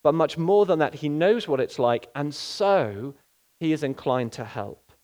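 A man preaching a sermon in an earnest, unhurried way, slowing down to dwell on key phrases. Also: fairly high pitch, expressive, darkish tone.

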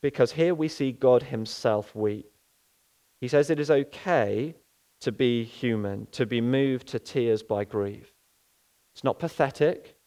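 A man delivers a sermon at a mid-range pitch. He talks earnestly and without hurry, and he slows right down to let the key phrases sink in. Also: warm tone. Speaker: preacher.

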